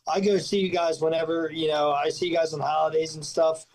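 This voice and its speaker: A man's voice: a little high, flat delivery, fairly quick, darkish tone, rough recording. A man, a fighter guest on a podcast, talking bluntly and swearing freely. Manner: blunt, profane and brash. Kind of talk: casual chat.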